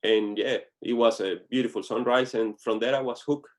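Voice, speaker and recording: A man's voice: mid-range voice, fairly even intonation, normal speed. A man being interviewed as a guest photographer, talking casually and often restarting his sentences with small slips.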